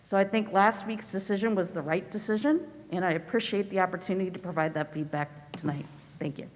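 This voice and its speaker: A woman's voice: fairly low pitch, fairly even intonation, quick pace. Woman, parent, firm, direct, echoing meeting hall. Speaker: parent and public commenter. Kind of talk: prepared public comment. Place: school board meeting room.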